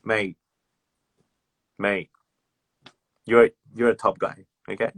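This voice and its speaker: A man's voice: fairly low pitch, flat delivery, takes it slowly, no echo. A man with an Australian accent chatting casually with fans on a livestream, swearing freely, laughing and repeating himself as he talks. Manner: loose and profane, laughing, repeats words. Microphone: phone.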